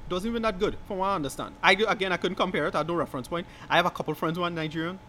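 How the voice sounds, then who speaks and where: A man's voice: sits high, very fast, pushed and bright, a little hiss or hum. A man in casual chat about films, blunt and emphatic, often talking over the other speaker.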